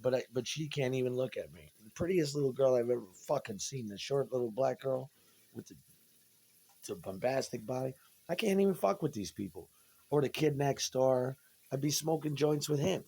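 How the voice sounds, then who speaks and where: A man's voice: mid-range voice, lively intonation, moderate pace, gravelly, a little mellow, breathy edge. Agitated man ranting at home. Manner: agitated, profane, repeats and restarts words. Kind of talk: rambling personal monologue. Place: at home, indoors.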